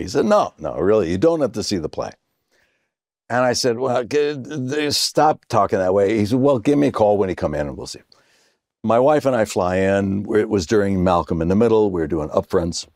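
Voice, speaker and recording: A man in his sixties tells a story with lively, swooping pitch. He acts out every voice he quotes. The sound is close and dry. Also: a little fast, no echo. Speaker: guest actor. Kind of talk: casual storytelling chat.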